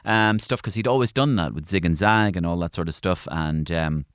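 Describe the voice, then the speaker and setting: A man tells animated stories as a radio guest, circling back and repeating phrases as he goes. His voice sits low, and the studio sound is close and dry. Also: moderate pace, smooth, no echo. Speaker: guest comedian. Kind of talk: radio interview storytelling.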